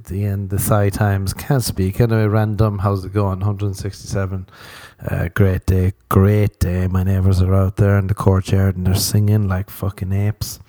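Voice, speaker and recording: Rambling Irish man, mellow low voice. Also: creaky. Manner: rambling, irreverent and crude. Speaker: podcast host. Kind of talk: comedic solo podcast monologue.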